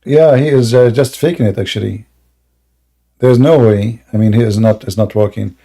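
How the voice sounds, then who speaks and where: A man's voice: on the low side, normal speed, mellow. A man hosting a live broadcast, asking direct, blunt questions in non-native phrasing. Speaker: host of a live debate broadcast.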